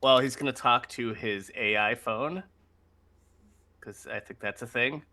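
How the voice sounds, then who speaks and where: A man's voice: mid-range voice, a little slow, bright, forceful tone. A man playing in a tabletop game, thinking aloud with hesitant, stammering restarts. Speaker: player. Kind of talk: casual tabletop play.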